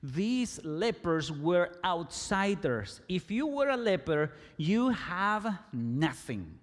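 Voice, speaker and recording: Male preacher, fairly high voice, deliberate slow delivery, big hall reverb. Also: very animated. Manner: slow and emphatic, with bursts of loud shouting. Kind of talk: sermon.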